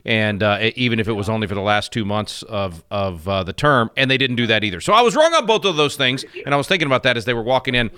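Upbeat bright-voiced male radio host. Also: medium pitch, lively intonation, fast talker, hardly any pauses, clean tone, no echo. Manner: jokey, upbeat, frequent restarts. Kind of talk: talk radio banter. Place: home radio studio.

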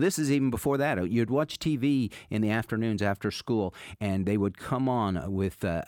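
A man's voice: low voice, darkish tone, no room sound. An older man, a pastor and radio host, preaching emphatically with repeated rhetorical questions on a close studio mic. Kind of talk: radio sermon.

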